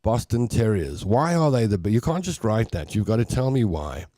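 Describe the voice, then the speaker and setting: His voice is warm and on the low side, with big pitch swings: a South African man hosting a casual livestream chat from a home studio. He reads out viewers' comments, rambles through stories and readily laughs at his own jokes. The recording has studio quality and no room sound.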